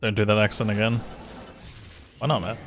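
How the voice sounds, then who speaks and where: A young man with an Australian accent talks through his gameplay in a loose, rambling way. His voice sits on the low side, and he peppers his speech with filler words and offhand swearing. It sounds like a relaxed stream commentary. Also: fairly quick, soft background music. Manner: rambling, full of "like", swears freely.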